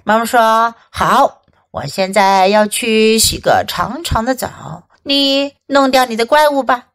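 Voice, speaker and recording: A woman's voice: on the high side, expressive, unhurried, dry recording, poor audio. A woman English teacher, a native Mandarin speaker, reading a storybook bilingually, each line then its translation. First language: Mandarin Chinese.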